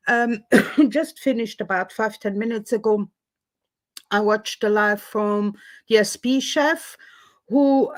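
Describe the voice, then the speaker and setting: A woman hosts a relaxed live chat from home, talking unhurriedly and greeting her viewers one by one. Her voice sits a little high, and she fills her pauses with plenty of ums and uhs. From Switzerland. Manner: chatty, greets viewers by name, many fillers. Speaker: livestream host. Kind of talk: casual live-stream chat.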